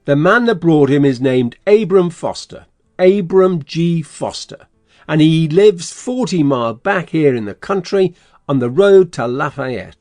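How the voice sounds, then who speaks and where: An actor playing a scheming, bossy swindler in an audiobook, blustering and threatening. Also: male voice, on the high side, expressive, a little slow, darkish tone, dry recording, faint music behind. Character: scheming middle-aged male swindler, gruff and bossy. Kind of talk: audiobook character reading.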